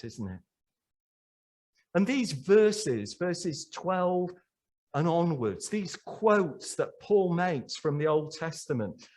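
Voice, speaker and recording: A man's voice: fairly high pitch, a little mellow. A man preaching a sermon in church, emphatic and full of rhetorical questions to the congregation.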